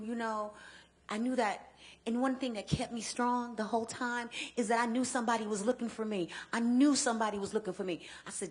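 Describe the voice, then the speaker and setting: A woman's voice: medium pitch, fairly even intonation. A woman from Chicago giving a personal testimony talk, earnest and emphatic, repeating key phrases and stumbling into restarts when the memories press in. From Chicago, United States. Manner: earnest storytelling with emphatic repetition; halting restarts when emotional. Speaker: guest speaker and advocate.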